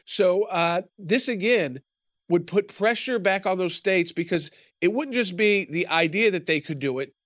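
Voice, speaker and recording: High-voiced man explaining over a muffled feed. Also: unhurried, fairly bright tone, no room sound. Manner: explanatory, many restarts. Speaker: guest commentator. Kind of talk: remote interview.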